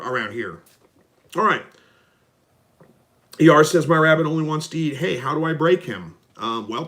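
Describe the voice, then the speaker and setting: A middle-aged man hosting a casual live stream, reading out viewer comments and answering in a relaxed, folksy way. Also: medium pitch. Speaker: livestream host answering viewer questions. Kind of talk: casual live Q&A about raising rabbits and quail.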